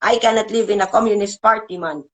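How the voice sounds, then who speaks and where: A woman hosting her own show, delivering an agitated, swearing political rant with emotional pitch swings and halting restarts. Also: a bit bright, poor audio. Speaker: show host. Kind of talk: ranting political monologue.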